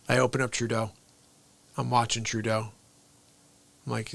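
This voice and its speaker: A man hosts a live comedy stream on a streaming microphone, rambling casually between impressions with quick asides and often trailing off into mumbles. His voice is mid-range and fairly bright, with little pitch movement and some vocal fry.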